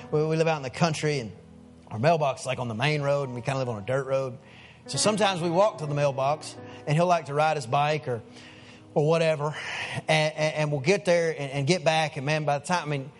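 A man, a pastor in his thirties preaching a sermon in a folksy storytelling way. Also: a little high. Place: church sanctuary.

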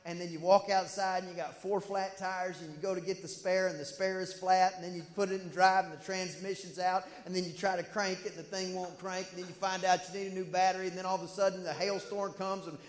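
High-pitched male pastor preaching in a big reverberant church and acting out the story's voices. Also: fast talker, few pauses. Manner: animated storytelling, voices quoted characters. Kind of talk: sermon. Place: church sanctuary. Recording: echoey church hall.

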